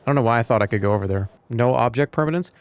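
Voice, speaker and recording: This man's smooth, mid-range voice runs very fast as he streams a video game, rambling and joking with his chat in live gaming commentary.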